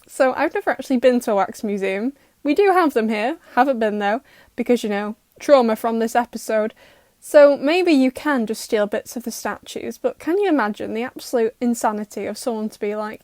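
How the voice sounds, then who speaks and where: A young woman recapping a cartoon episode in a sarcastic, exasperated roast, putting on quick mock voices for the characters. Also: fairly high pitch, darkish tone, no echo, studio quality. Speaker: YouTuber reacting to a cartoon.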